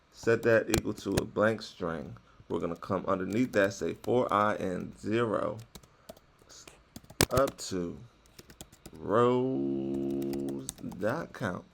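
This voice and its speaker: A man with a lowish, gravelly voice walks through code one step at a time in an unhurried, very slow delivery. He keeps it casual and encouraging, talking to his viewers as if they were sitting beside him. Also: slight background noise. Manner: dictates code step by step, relaxed and encouraging, says "y'all". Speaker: coding tutorial host. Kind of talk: casual screen-recorded coding walkthrough.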